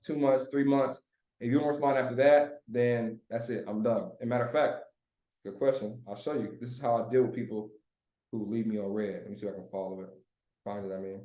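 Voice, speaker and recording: A man leading a live online sales training, coaching his group in a lively, chatty way and often laughing. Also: medium pitch, echoey room.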